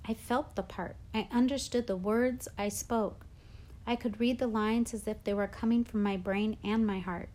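A woman reading a first-person novel aloud with measured, expressive storytelling. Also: medium pitch. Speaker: audiobook narrator.

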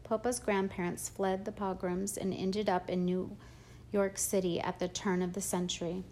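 A woman reading a first-person audiobook in a steady, plain storytelling manner. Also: medium pitch, normal speed, slight background noise. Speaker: audiobook narrator.

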